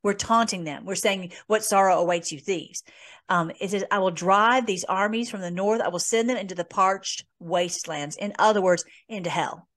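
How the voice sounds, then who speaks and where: A woman's voice: medium pitch, normal speed, fairly bright tone. A woman hosting a conversational Bible teaching, reading scripture aloud and commenting earnestly with many fillers. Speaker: host.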